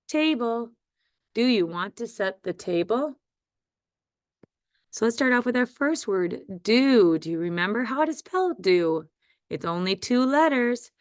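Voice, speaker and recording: A female teacher runs a phonics lesson very slowly and deliberately, stretching out every word and sound. Her mid-range voice is smooth and clear, captured in a dry, close recording with no room sound.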